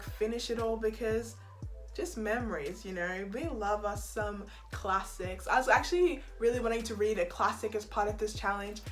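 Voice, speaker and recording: A woman's voice: on the high side, fairly bright tone. A woman chatting casually to camera as a book vlogger, bubbly and often giggling at her own jokes.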